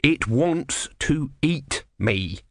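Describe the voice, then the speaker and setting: A man's voice: mid-range voice, measured pace, a bit bright, dry recording. A man voicing a sarcastic, impatient male god stuck in the shape of a tortoise, in an audiobook reading, with a dry close sound. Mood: grumpy, sarcastic.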